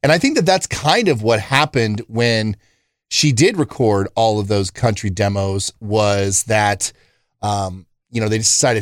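A man co-hosting a fan podcast, explaining the episode in measured, casual talk with frequent "uh" and "you know.". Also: on the low side, dry recording, studio quality. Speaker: podcast co-host. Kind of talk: casual chat.

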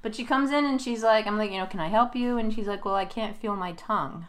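A woman in casual chat, relaxed, telling a story about her work. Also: mid-range voice, fast talker.

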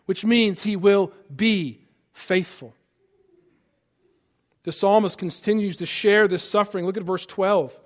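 Male pastor, high voice, earnest sermon delivery with rising emphasis. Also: measured pace, long pauses. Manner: earnest preaching, reads scripture aloud with rising emphasis.

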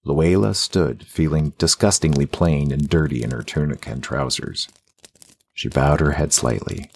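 A man narrating a fantasy audiobook with a steady, even storytelling delivery. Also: rumbling low, measured pace.

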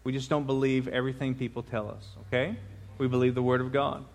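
A man's voice: medium pitch, little pitch movement, quick pace, creaky, a little mellow. A middle-aged man preaching a sermon as pastor, talking informally with frequent restarts and filler words. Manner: informal, rambling, with many restarts. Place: large church sanctuary. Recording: long church hall reverb.

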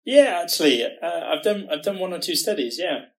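A man with a fairly high voice, chatting on a podcast. He talks haltingly and often repeats a word as he finds his thoughts. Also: sing-song, low-quality recording. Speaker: podcast co-host working in research. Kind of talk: podcast conversation.

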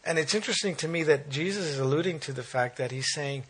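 A man preaching a sermon, reading scripture aloud and breaking off into animated exclaims. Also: on the high side, fast talker, few pauses, breathy edge.

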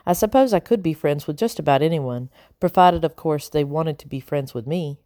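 A woman's voice: sits low, lively intonation, moderate pace, warm tone, no echo, clean studio sound. A woman as a polite, earnest boy mouse.

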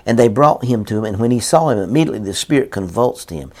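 A man's voice: lowish voice, expressive, fast, darkish tone. A man preaching a sermon in an earnest, repetitive style, reading scripture aloud and driving his points home.

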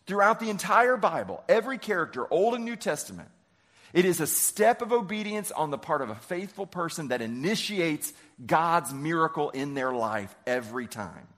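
A pastor with a fairly high, very animated voice at normal speed preaches conversationally. He acts out biblical characters using everyday lines and often repeats words as he restarts.

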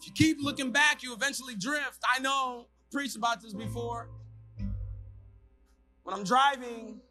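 Pastor preaching with shouted emphasis. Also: male voice, very high-pitched, moderate pace, faint music behind. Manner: swings from quiet asides to shouted emphasis. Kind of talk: sermon. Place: church hall with congregation.

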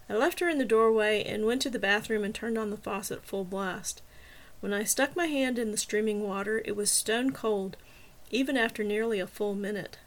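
A woman narrating a story in the first person, steady and even. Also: mid-range voice, fairly quick. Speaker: audiobook narrator.

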